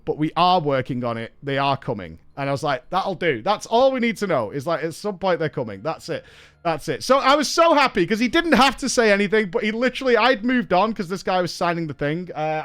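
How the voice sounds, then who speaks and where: High, smooth-voiced man telling stories. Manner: animated, laughing, swears casually. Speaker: streamer host. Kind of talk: casual storytelling chat.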